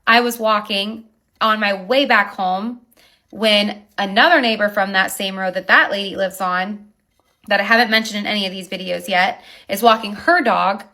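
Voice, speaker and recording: A woman who owns a wedding venue, telling an animated, indignant account of a dispute with her neighbors. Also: medium pitch, normal speed. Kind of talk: recounting a neighbor dispute to camera.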